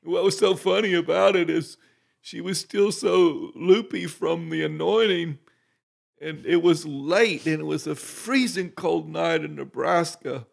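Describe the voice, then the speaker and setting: A man, a guest minister, telling church stories in a relaxed chat, with many pauses and fillers, growing louder as he gets into a story. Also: a little high. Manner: unhurried, gravelly, many fillers, grows loud and excited telling stories.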